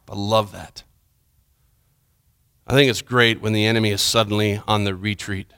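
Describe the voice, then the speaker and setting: A man preaching a sermon, retelling a scripture story with dramatic swings from urgent, loud passages to hushed, quiet ones. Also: fairly low pitch, steady tone, normal speed, pauses often, clear, resonant tone, dry recording, clean studio sound.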